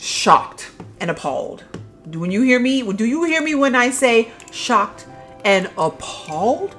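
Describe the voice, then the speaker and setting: A young adult woman, a gaming YouTuber with a fairly high pitch, gushes excitedly while touring new items in a video game. She often calls out "y'all" to her viewers.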